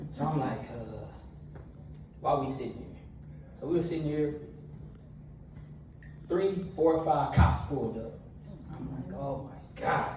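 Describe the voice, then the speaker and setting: A man in his thirties preaching a casual, animated storytelling sermon that is full of laughs, with a nervous edge. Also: medium pitch, a little hiss or hum. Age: 30s. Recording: echoey room from a distance.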